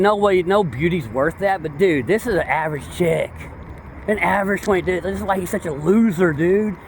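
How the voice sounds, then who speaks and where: A man in casual, rambling commentary, excitable and slangy, full of digressions. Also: high-pitched, a little hiss or hum. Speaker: true-crime commentator.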